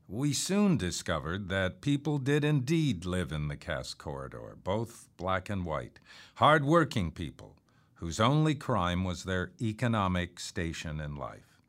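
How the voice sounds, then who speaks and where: A man narrating his memoir in a measured, reflective storytelling manner. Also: low-pitched.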